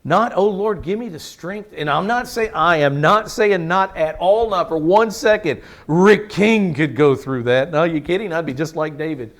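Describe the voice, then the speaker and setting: A man's voice: on the high side, moderate pace, hardly any pauses. A man pastor preaching a sermon, emphatic, repeating words for stress and asking the congregation questions.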